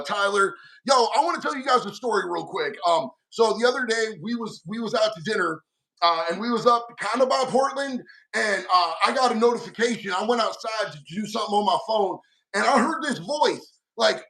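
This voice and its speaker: A middle-aged man with a fairly high voice hosts a laid-back livestream, reading viewer comments and answering in slang. He keeps calling people homie and dog. He sits back from a mic set some way off. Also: bright, forceful tone. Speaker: livestream host. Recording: mic set far from the speaker.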